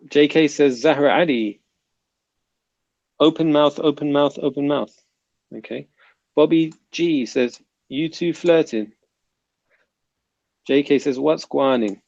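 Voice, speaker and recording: A man's voice: mid-range voice, slow, gravelly, pauses often, a little mellow, dry recording, lo-fi sound. A man with a South London accent hosting a casual livestream, reading viewer comments aloud and bantering. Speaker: livestream host reading chat.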